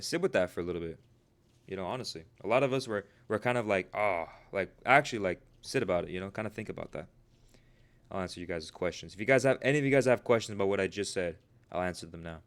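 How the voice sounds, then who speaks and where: A man's voice: sits low, animated, fairly quick, pauses often. A man coaching traders on a live stream, talking casually and emphatically to his viewers, often calling them "bro" and asking "right?". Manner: addresses viewers as "you guys" and "bro", repeats "right?"; emphatic, preachy motivational delivery. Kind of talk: live-stream talk answering chat.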